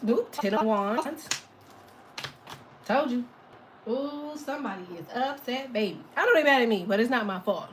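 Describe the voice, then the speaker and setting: A woman's voice: a little high, expressive, normal speed, pauses often, a little hiss or hum. A woman reading tarot on a casual live stream, sassy and playful, laughing often and slipping into silly voices for imagined people. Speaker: tarot reader.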